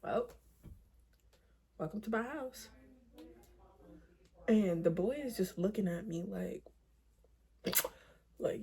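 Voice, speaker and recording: A woman's voice: medium pitch, measured pace, pauses often, warm tone, slightly rough. A young woman vlogger telling a personal story to viewers in a dramatic, profane way, with frequent asides to them. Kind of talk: storytime vlog.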